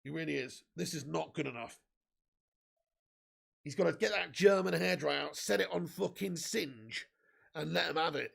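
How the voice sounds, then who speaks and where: A man hosting a live football watch-along, swinging from low grumbling to excited shouting, swearing often. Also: normal speed, vocal fry, slightly rough.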